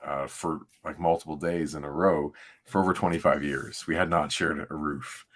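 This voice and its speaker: Deep-voiced man, laid-back comics chat. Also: steady tone, normal speed, a bit bright. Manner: rambling, laid-back, frequent fillers. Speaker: podcast co-host. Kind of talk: casual livestream chat.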